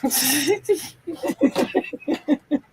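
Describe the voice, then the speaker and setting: Slow, gushing woman hosting a live sale. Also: high voice, expressive, darkish tone, a little hiss or hum. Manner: gushing, exclaims over items, laughs often. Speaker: host selling jewelry lots in a live stream. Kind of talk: casual live-sale chat.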